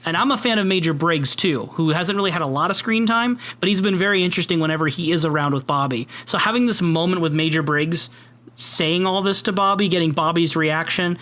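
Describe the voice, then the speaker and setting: Bright-voiced man on a podcast. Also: fairly high pitch, a little fast. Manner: laughs often and acts out quoted lines. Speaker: podcast co-host. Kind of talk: casual podcast chat.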